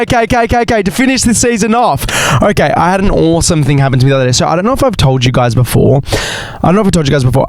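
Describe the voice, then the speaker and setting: A young man talks straight to his listeners on a solo podcast, excitable and animated, swearing as he tells his stories. His voice is gravelly with vocal fry and sits at an average pitch. The recording is close and dry. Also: no echo. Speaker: podcast host. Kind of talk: casual solo podcast monologue.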